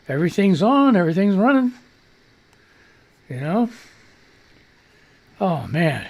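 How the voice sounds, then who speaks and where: A man's voice: high voice, sing-song, a little slow, creaky, long pauses. A man hosting a live radio show, telling a rambling story in casual chat with fillers and mild cursing.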